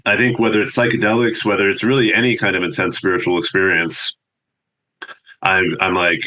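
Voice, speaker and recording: A deep-voiced man talks through ideas as a guest on a podcast. His low tone carries a bright, forceful edge. He explains in a thoughtful, earnest way. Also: little pitch movement, a little fast, low-quality recording. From United States. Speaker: theologian guest. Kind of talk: reflective podcast conversation.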